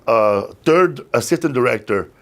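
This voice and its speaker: A man's voice: medium pitch, expressive, moderate pace. Casual, profane male podcast host. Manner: profane, storytelling, laughing. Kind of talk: casual chat.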